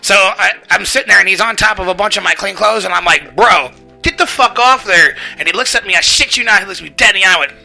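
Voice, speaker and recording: A man co-hosting a casual chat, telling animated, profane stories and acting out his cat. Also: high-pitched, racing, creaky, hardly any pauses, soft background music. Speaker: podcast co-host.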